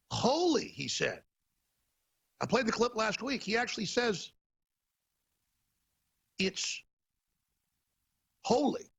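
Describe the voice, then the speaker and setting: A man's voice: high voice, gravelly, sharp tone, husky. A man hosting a talk show, delivering a heated, emphatic ranting monologue.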